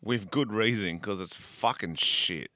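A man's voice: fairly low pitch, a little slow, pushed and bright, no echo, clean studio sound. A man with an Australian accent, co-hosting a podcast as casual chat, laughing often and swearing freely. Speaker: podcast co-host.

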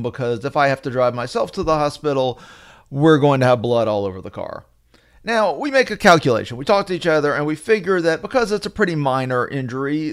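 A middle-aged man hosting a podcast, telling a story in a wry, animated way. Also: on the high side. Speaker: podcast host. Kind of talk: storytelling monologue.

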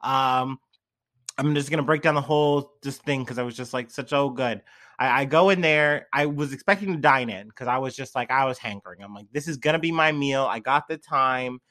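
A young man, a little drunk and high, talking in a loose, rambling vlog monologue full of fillers and slang. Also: fairly quick, a bit bright. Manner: laid-back, heavy on fillers and slang. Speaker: vlogger.

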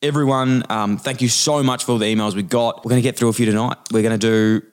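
A man's voice: medium pitch, steady tone, quick pace. A young Australian man hosting a casual podcast, upbeat and teasing. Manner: upbeat, teasing, laughs often. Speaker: host.

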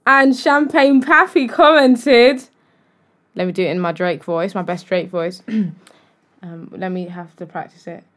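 A young woman co-hosting a podcast, chatty and teasing, quick to react in casual banter. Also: fairly low pitch, a bit bright. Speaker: podcast co-host. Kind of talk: casual chat.

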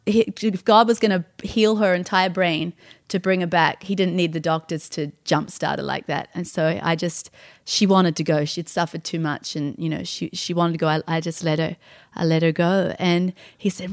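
A woman telling an emotional personal story on a podcast, animated, with her voice climbing high when she quotes others. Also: normal speed, dry recording, clean studio sound.

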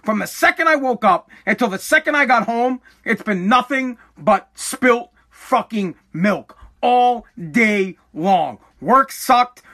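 A forty-year-old man hosting his podcast from a home basement, ranting angrily and profanely, bursting into yelling, his throat scratchy from dust. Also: very high-pitched, animated, slow pace, few pauses. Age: 40s. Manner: aggravated, swearing, bursts into yelling. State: throat irritated by dust, coughing. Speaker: podcast host. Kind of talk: angry profane rant.

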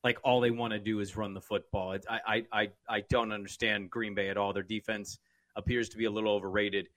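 A man's voice: fairly low pitch, level tone, a bit bright, no echo. A man from the West Coast co-hosting a sports podcast, opinionated and joking in casual chat. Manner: opinionated, joking, quick asides.

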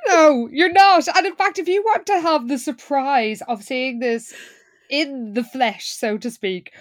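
A woman co-hosting a podcast, retelling a show in animated, giggly casual chat. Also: high voice, a little slow, dry recording, clean studio sound. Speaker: podcast co-host.

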